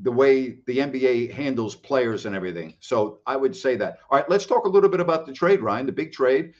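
A man's voice: mid-range voice, expressive, fairly quick. Exasperated man ranting on a lo-fi stream. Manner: blustery, exasperated ranting with mild cursing. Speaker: sports stream host. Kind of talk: casual sports talk and rant. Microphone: computer mic on a laptop stream.

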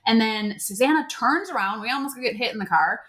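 A woman co-hosting a podcast, telling a story in a casual, animated way and acting out what people said. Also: on the high side, a little fast. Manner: animated, acts out quotes in character voices. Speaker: podcast co-host.

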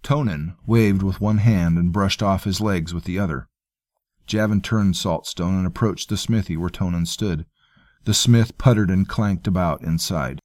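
A man reading a fantasy story aloud in a measured, even storytelling manner. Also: low voice, no room sound, clean studio sound. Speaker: audiobook narrator. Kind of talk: scripted fantasy narration.

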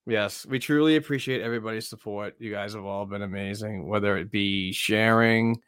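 A man hosts a sports podcast in a relaxed, rambling way, thanking listeners and signing off. His voice sits low and sounds dry and close. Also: brisk, clear, resonant tone, no echo. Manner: laid-back, rambling sign-offs. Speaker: podcast host. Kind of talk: casual chat.

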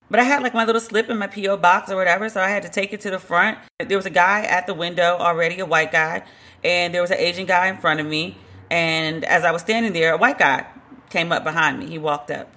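A woman's voice: on the low side, sharp tone. A woman podcast host telling a story in a chatty way, full of "like" fillers and incredulous asides. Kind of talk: casual storytelling monologue.

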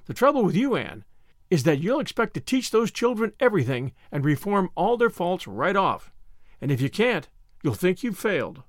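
A man's voice: sits high, sing-song, dry recording, clean studio sound. A man voicing a stern, no-nonsense older woman guardian in a storybook reading. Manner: brisk, no-nonsense.

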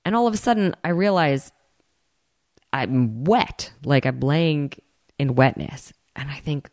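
A woman telling her own story in a casual, animated way, acting out the people she quotes and speaking straight to her listeners. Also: low-pitched, unhurried, no echo, studio quality. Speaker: host telling a personal story.

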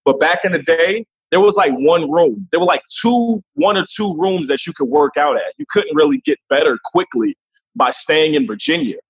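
A man, a comedian guest, chatting casually and profanely in an animated interview. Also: on the high side, normal speed, husky. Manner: animated, profane, jumps into voices. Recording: dull lo-fi remote line.

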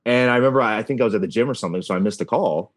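A man's voice: lowish voice, racing. A man in his thirties, a wrestling announcer, telling stories as an interview guest, acting out the voices he quotes. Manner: animated, acts out quoted voices. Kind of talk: casual interview storytelling.

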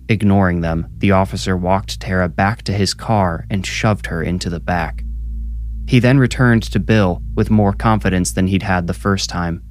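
A man narrating a scripted horror story in a measured, steady way. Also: low voice, soft background music.

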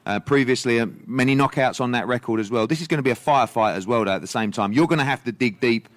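A man hosting a boxing press conference, putting brisk, probing questions to the fighters. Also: mid-range voice, no room sound, studio quality.

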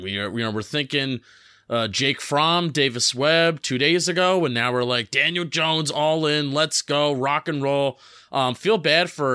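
A man's voice: on the high side, unhurried, pushed and bright, clean tone, no room sound, studio quality. A man co-hosting a casual sports podcast, with jokey, playful banter. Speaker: podcast co-host.

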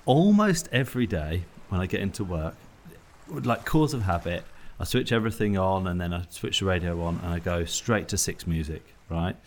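A man co-hosting a comedy podcast, talking in an animated, rambling way and laughing at himself. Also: sits low, normal speed, slight background noise. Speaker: podcast co-host. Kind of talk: casual comedic chat.

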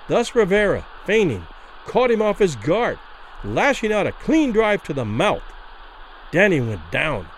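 Male podcast storyteller, high-leaning and animated, dramatic literary reading. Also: slight background noise, poor audio. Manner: expressive, acts out the quoted lines.

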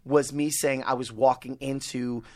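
A man's voice: medium pitch, moderate pace. A man in his forties from Long Island, telling stories as a guest in a casual chat and laughing easily. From Long Island, New York. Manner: animated storyteller, laughs easily.

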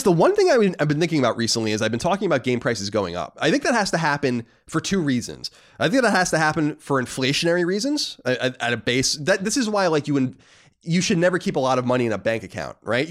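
A man co-hosting a casual podcast, talking emphatically and rambling with quick restarts. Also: fairly high pitch. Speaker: podcast co-host.

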